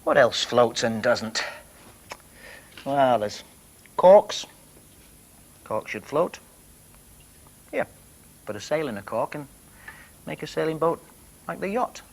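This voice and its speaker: A man presenting a children's TV show, talking gently and playfully to young viewers. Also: medium pitch, lively intonation, takes it slowly, vocal fry, pauses often.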